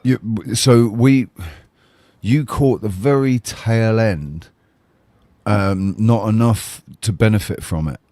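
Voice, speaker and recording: Deep voiced guy, hesitant, lots of ums, dry close sound. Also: a little mellow, no room sound. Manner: halting, hesitant, with many ums and restarts. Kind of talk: casual podcast chat.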